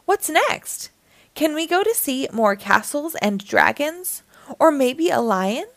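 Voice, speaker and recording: A woman voicing an eager, excited little boy who keeps exclaiming. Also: high voice, a little slow, voice pushed up, heavily acted.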